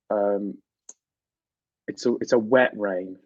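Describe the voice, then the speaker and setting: A man's voice: lowish voice, moderate pace, pauses often, slightly rough, no echo, dull audio. A British man hosting a livestream, chatting casually and animatedly with viewers and laughing often. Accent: British English. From United Kingdom. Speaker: livestream host. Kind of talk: casual chat with live viewers.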